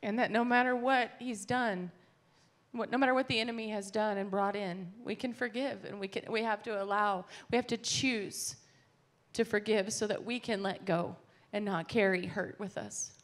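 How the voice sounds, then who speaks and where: A woman's voice: mid-range voice, steady tone, moderate pace. A woman speaking candidly from the pulpit during a sermon, earnest and plainspoken. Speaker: pastor's wife.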